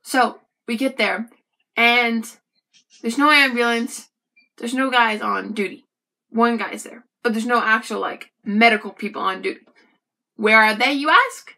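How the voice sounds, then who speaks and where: A young woman vlogger tells a personal story to the camera, chatty and animated, with frequent asides to the viewer. Her voice is fairly high-pitched and her pace measured.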